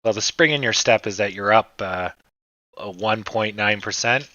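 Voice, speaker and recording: A man's voice: on the low side, normal speed, pushed and bright, no echo, lo-fi sound. A man hosting a stock trading livestream, chatting casually and rambling with lots of fillers, and he swears now and then.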